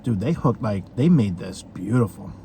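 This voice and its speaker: A man's voice: on the low side, lively intonation, normal speed, warm tone, slight background noise. A man talking through a casual food review vlog, chatty and rambling, with lots of fillers.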